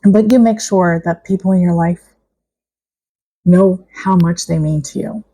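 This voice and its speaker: A middle-aged woman speaks straight to her viewers in a personal vlog. Her voice sits low and has a husky, gravelly texture. She talks in a reflective, halting way, often restarting her sentences. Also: warm tone, low-quality recording. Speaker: vlogger. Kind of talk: personal vlog talk to camera.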